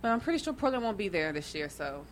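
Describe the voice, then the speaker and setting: A woman's voice: medium pitch, sing-song, quick pace, slight background noise. A woman co-hosting a sports podcast, chiming in with short, amused replies. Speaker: podcast co-host. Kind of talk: casual sports chat.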